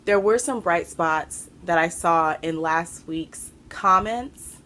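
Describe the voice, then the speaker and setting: A woman hosting a craft podcast from home, chatting to camera in an excitable, rambling way and a little out of breath. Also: on the low side, slow pace. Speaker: podcast host. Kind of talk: casual chat to camera. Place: home room.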